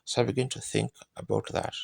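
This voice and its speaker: Gravelly, husky preacher telling a story. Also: male voice, medium pitch, little pitch movement, fairly quick, a little mellow, dry recording. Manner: folksy, colloquial grammar, acts out moments. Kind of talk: sermon storytelling.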